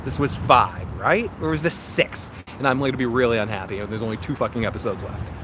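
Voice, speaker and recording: A man's voice: mid-range voice, brisk. A man hosting a casual live-stream review while walking outdoors, rambling and correcting himself as he talks. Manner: rambling, self-correcting, chatty. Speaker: host. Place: outdoors in a park. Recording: outdoor traffic noise.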